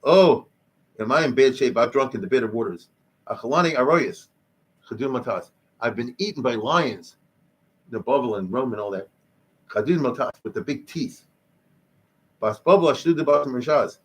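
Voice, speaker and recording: Rabbi guy lecturing, husky voice, animated and chatty, mid pitch. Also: moderate pace, pauses often. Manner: animated, conversational teaching with Yiddish-Hebrew terms. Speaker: rabbi teaching Jewish history. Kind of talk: lecture explaining Hebrew liturgy.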